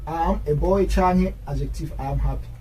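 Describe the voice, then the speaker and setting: A man with a fairly high-pitched, dark-toned voice teaches an English grammar lesson, explaining in his own language and slowly repeating English example sentences. He sounds far from the mic, and the audio is poor.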